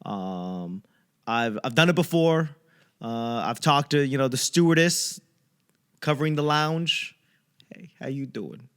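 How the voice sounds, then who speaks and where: A young man hosting his own comedy podcast, rambling through a casual monologue and acting out other people in quick bits. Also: on the high side, a bit bright, clean tone. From United States. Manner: acts out voices in quick bits.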